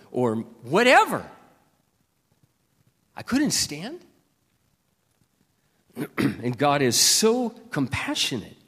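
An older man preaching a sermon with impassioned delivery, dropping to a hush and rising to loud peaks. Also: on the high side. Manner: impassioned, swings from hushed to loud. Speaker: pastor. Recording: long reverb of a hall.

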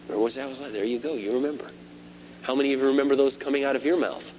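A middle-aged man preaching a sermon, animated, swinging between loud emphasis and quiet asides. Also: medium pitch, racing. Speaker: pastor. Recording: dull lo-fi sermon tape with faint hum.

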